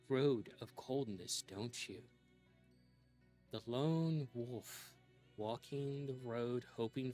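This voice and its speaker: A man voicing a cold, mocking disembodied spirit in a tabletop game, speaking low and slow with a taunting edge. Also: darkish tone.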